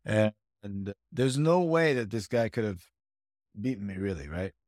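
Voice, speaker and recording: A man's voice: normal speed, no echo, clean studio sound. A man telling a story in casual podcast chat, who acts out what others said. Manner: animated, acts out quotes in higher voices. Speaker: podcast co-host, judo coach.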